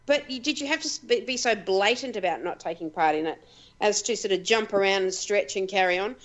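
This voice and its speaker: A woman's voice: medium pitch, brisk, muffled recording. A woman from South Australia with an Australian accent, co-hosting a casual radio chat and speaking forthrightly. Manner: forthright, indignant on topics. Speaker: co-host.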